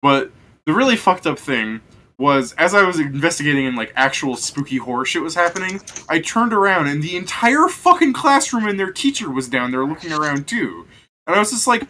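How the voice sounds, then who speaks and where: A young man with a bright, forward voice spins a rambling story during casual chat. He plays the game master, swears freely and laughs at his own tale. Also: fairly high pitch, sing-song, brisk.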